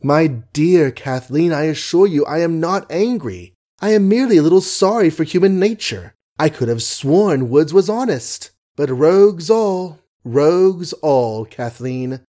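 A man reading an audiobook, voicing a cynical gentleman poseur who speaks in an ironic, lofty, theatrical manner. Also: fairly high pitch, animated, measured pace, hardly any pauses, pitched above the performer's own voice. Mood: mocking.

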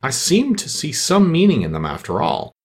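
A man's voice: a little high, wildly swooping pitch, moderate pace, voice pushed up. Fussy, self-important old king, muttering and pompous, voiced by a male narrator.

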